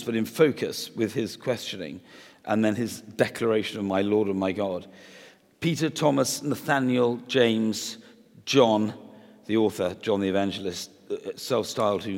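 Male preacher, mid-pitched, chatty and animated, hall reverb behind him. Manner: chatty and animated, with playful asides and restarts. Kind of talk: conversational sermon.

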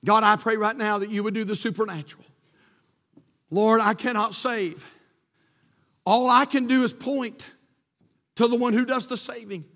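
High, bright-voiced fervent preacher. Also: male voice, steady tone, moderate pace, pauses often. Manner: fervent, builds to shouting. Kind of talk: sermon with storytelling. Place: church sanctuary. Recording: long hall reverb.

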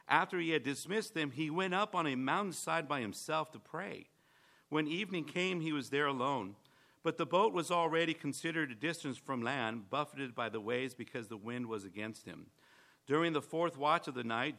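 A man's voice: mid-range voice, pushed and bright. A man preaching a sermon and reading scripture aloud, enthusiastic, often asking his listeners questions and restarting phrases. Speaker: pastor.

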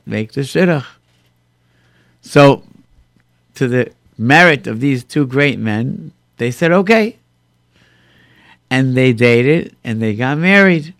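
A man's voice: medium pitch, a bit bright, no room sound, studio quality. A man telling stories in a casual conversation, acting out quoted speech and mixing in Hebrew and Yiddish terms.

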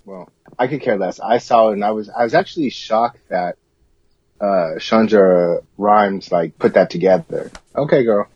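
Deadpan husky man, muffled recording. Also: fairly low pitch, normal speed, no room sound. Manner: dry and deadpan, dismissive. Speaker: co-host. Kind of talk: campy comedic banter.

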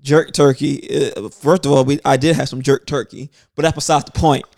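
A man's voice: medium pitch, fairly even intonation, fairly quick, creaky, darkish tone. A man co-hosting a casual podcast, telling stories in loose slang with mock outrage. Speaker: podcast co-host.

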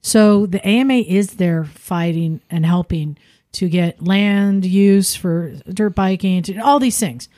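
A woman hosting a casual panel chat, steering the talk briskly. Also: mid-range voice, warm tone, dry recording. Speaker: podcast host.

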